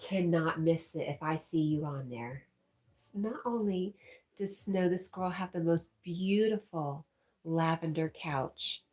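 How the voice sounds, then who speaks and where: A woman's voice: fairly low pitch, darkish tone. A woman hosting a casual livestream, reading out viewer comments and laughing often. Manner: giggly, reads out chat messages. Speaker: livestream host.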